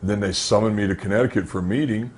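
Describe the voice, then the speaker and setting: Low-voiced man telling wrestling road stories. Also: fast talker. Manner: animated, acts out dialogue in anecdotes; frequent fillers and restarts, conversational. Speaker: former pro wrestler, interview guest. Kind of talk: storytelling shoot interview.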